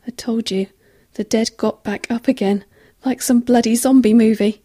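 A woman's voice: on the high side, fairly even intonation, moderate pace, mellow, natural voice. A woman voicing a frantic, breathless young male crew trainee who stammers in shock. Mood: panicked.

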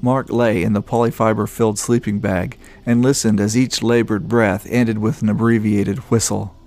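A man reading a story aloud in a steady, descriptive narration. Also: on the low side, moderate pace, faint music behind. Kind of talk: scripted narration.

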